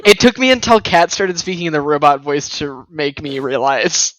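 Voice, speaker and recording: A man playing in a tabletop game, quick and excitable. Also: on the high side, dry recording, poor audio. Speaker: player. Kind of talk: casual tabletop chat.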